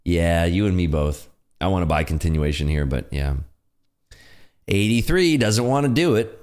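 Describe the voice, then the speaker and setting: A man's voice: low-pitched, animated, moderate pace, a little mellow, clear, resonant tone. A man hosting a live day-trading stream, chatting casually, joking and laughing often with his audience. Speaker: day-trading livestream host. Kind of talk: live trading commentary chat. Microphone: desk computer streaming setup.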